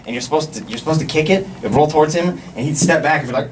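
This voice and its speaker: A young man telling a stand-up story on a club stage, animated and lively, mimicking the people in it. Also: fairly high pitch, fairly quick, few pauses, crowd noise. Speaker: stand-up comedian. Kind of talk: stand-up comedy set. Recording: distant mic with background noise.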